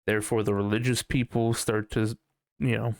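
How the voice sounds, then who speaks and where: Male podcast host, gravelly voice, dry close sound, loose, profane, rambling solo chat. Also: fairly low pitch, flat delivery, moderate pace, no room sound. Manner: rambling, profane, unsure musing. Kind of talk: casual solo podcast monologue.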